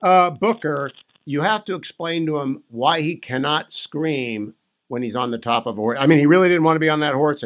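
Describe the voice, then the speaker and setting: A man's voice: a little high, a bit bright. A man hosting a radio talk show, interviewing a guest in a chatty, playful way.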